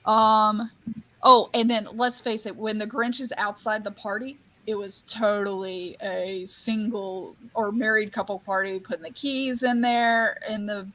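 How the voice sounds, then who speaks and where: A woman's voice: medium pitch, fairly even intonation, unhurried, bright, forceful tone, rough recording. A woman hosting a casual book club podcast, talking animatedly and quoting movie lines.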